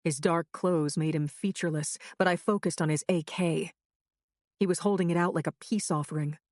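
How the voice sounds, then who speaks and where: A woman's voice: lowish voice, fairly even intonation, normal speed, darkish tone, no room sound, studio quality. A woman narrating a crime thriller audiobook in the first person with a tense, urgent reading.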